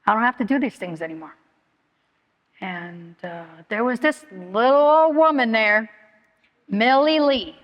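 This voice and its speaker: Halting woman speaking in echoing hall. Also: on the high side, expressive, lo-fi sound. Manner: candid, halting, many fillers and restarts. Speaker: speaker at a recovery meeting. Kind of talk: personal testimony. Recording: long hall reverb.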